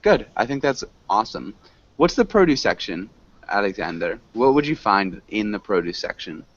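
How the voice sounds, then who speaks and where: A man teaching an online English class, encouraging his students, laughing often and correcting them slowly. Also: lowish voice, sing-song, dull audio, slight background noise.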